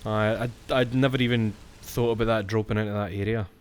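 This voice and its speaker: A Scottish man with a fairly low voice talks his way through a horror game on stream. He rambles casually, thinks aloud and swears when something startles him. A faint hiss sits under the recording. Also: fairly even intonation, brisk. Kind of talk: let's-play commentary.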